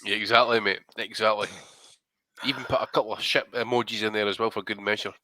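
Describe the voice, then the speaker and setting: A man's voice: on the low side, fairly even intonation, fast talker, sharp tone, dry recording. A man co-hosting a casual boxing podcast, swearing freely and bantering with laughs. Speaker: podcast co-host.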